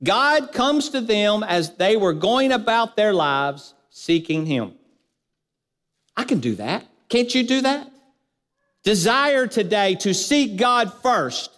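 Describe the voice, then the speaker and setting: In a church, a pastor preaches with a fairly bright tone, stacking up repeated lists and asking rhetorical questions. He lets each phrase sink low as it ends, and a long reverb trails behind his words.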